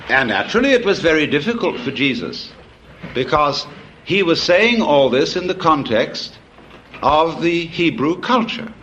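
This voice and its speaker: A man's voice: mid-range voice, fairly bright tone, dull audio, slight background noise. A man giving a public lecture, telling stories in a wry, discursive way with frequent asides.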